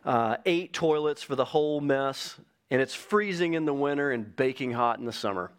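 A man's voice: mid-range voice, normal speed, smooth. A man preaching a sermon as pastor, earnest, reading an illustration aloud and stressing key phrases. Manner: reads an illustration aloud to the congregation.

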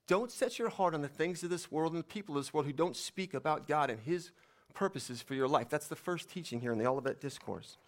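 A man's voice: on the high side, animated, brisk. A man preaching a sermon, reading scripture aloud and then explaining it in a conversational way. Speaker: pastor.

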